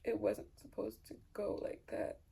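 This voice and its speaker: A woman's voice: medium pitch, flat delivery, measured pace, gravelly, warm tone, husky. A young woman candidly telling a personal story to camera, rambling and swearing freely. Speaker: vlogger.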